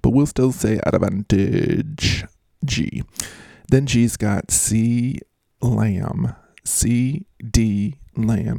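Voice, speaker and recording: A man talks through fantasy football matchups in a casual, joking, rambling way, mocking himself as he goes. His voice is low and gravelly with a dark, mellow tone. The sound is dry and close. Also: drawn-out words, no room sound.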